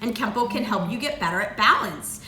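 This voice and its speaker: A woman's voice: medium pitch, animated, brisk, pushed and bright, reverberant, slight background noise. A woman karate instructor patiently teaching a child, with lots of encouraging praise. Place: martial arts dojo.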